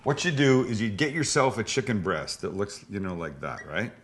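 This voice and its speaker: A man's voice: lowish voice, very animated, normal speed, a bit bright. A man hosting a casual cooking demonstration in a home kitchen, joking and wisecracking as he explains each step. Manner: joking, wisecracking, a bit profane. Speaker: cooking show host.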